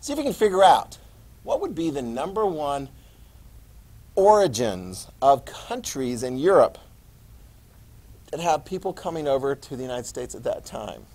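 A man teaching a history class, lecturing lively and quizzing his students as he goes. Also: on the high side, normal speed, long pauses, rough recording. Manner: lively, quizzing students and repeating key words.

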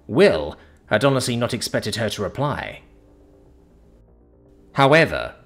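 A man reading a science fiction story aloud as narrator, in dramatic, expressive storytelling. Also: on the low side, breathy edge. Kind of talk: scripted narration.

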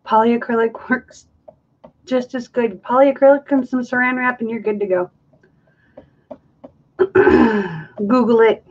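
A woman's voice: fairly high pitch, fairly even intonation, slow, pauses often, a little mellow. Chatty woman demonstrating crafts on a lo-fi stream. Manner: chatty, thinking aloud while stirring and counting. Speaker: acrylic pouring artist hosting a live stream. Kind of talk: casual live craft demonstration.

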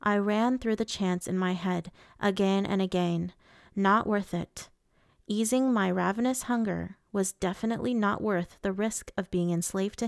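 Woman audiobook reader, first-person narration, slow and measured, dry close sound. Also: medium pitch, vocal fry, dry recording.

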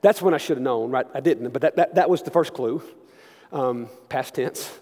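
Preacher echoing through a church. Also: male voice, medium pitch, moderate pace. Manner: animated storyteller, swings from loud to hushed. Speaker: senior pastor. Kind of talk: sermon with personal storytelling. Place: large church sanctuary. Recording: long church reverb.

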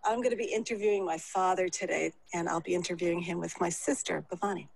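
A woman with a husky voice patiently interviewing her elderly father for a family recording. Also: fairly low pitch, steady tone, fast talker, low-quality recording. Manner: gentle, patient prompting.

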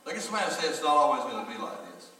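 Folksy preacher in echoey church. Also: male voice, mid-range voice, big pitch swings, very fast, sharp tone. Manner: folksy storytelling, speaks to congregation directly. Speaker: pastor. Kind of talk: sermon. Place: church sanctuary. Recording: echoey church hall from far off.

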